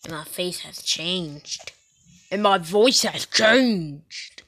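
A woman's voice: lowish voice, lively intonation, very slow, a bit bright. A woman hosting a gaming channel, giving casual gameplay commentary in a playful, giggly way with silly outbursts.

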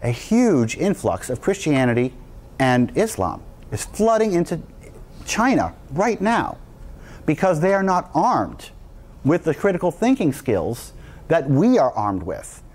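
A man's voice: fairly high pitch, very animated, a little slow, a little mellow. A man giving a speech to an audience, emphatic and rousing. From United States. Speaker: speaker.

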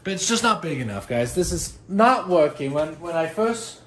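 A man's voice: on the high side, big pitch swings, normal speed, a bit bright. A man in his thirties, a dad hosting a family vlog, venting in an exasperated, rambling way full of fillers, filmed on a handheld camera at home. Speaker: dad and family channel host. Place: family home, office and basement.

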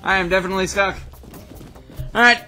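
A young man doing goofy, excitable let's play commentary as a gaming YouTuber, often breaking into shouts. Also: high voice, brisk, soft background music.

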